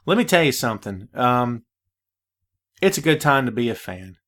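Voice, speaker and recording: Out of breath but very animated, a man hosts his solo podcast in a medium-pitched, fairly bright voice at a moderate pace. His relaxed, casual talk is peppered with "man" and tends to slide into friendly preaching.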